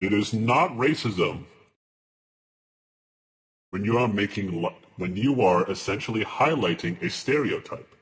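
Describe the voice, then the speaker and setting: A man hosting a live reaction stream and talking directly to his chat. He argues his points deliberately, breaks off and restarts words, and his pitch rises and falls widely. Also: animated. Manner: deliberate, restarts mid-word while arguing a point.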